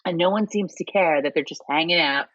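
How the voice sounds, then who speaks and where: A woman co-hosting a casual TV recap who drops in quick jokes. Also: lowish voice, a bit bright, dull audio, slight background noise. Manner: quick joking interjections. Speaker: podcast co-host.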